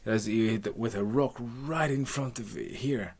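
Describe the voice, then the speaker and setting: A man's voice: mid-range voice, unhurried, darkish tone, slightly rough. A man improvising a rambling, profane comic retelling of a myth, with jokey asides. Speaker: comic storyteller.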